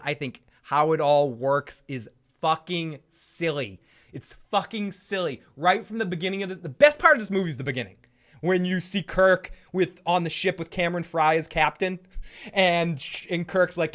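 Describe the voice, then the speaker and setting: A man's voice: on the high side, a bit bright. A man hosting a casual, opinionated chat, rambling and profane, with playful bursts of impressions. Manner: profane and rambling, full of restarts. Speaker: host.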